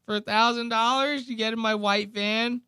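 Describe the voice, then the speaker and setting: A man mockingly voicing a creepy man making a slow, sleazy offer. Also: fairly even intonation, sharp tone, clear, resonant tone, no room sound, studio quality, exaggerated voice. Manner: high, drawn-out and sleazy.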